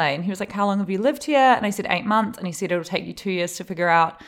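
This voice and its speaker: A woman in her late twenties co-hosting a podcast, telling lively anecdotes and acting out what people said, swearing freely. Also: mid-range voice, quick pace. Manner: animated storyteller, acts out quotes, swears freely. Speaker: podcast co-host. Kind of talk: casual chat.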